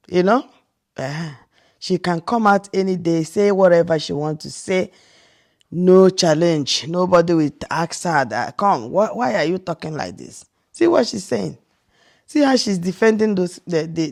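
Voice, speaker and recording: A woman's voice: on the low side, a little mellow. A Nigerian woman from Nigeria giving casual reaction commentary as a vlogger, incredulous and rhetorical, often restarting her sentences.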